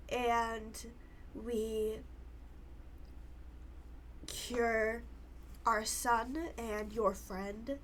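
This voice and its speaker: A woman doing a thankful king and queen, soft, halting, formal, slow. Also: on the high side, slight background noise. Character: grateful king and queen, royal couple.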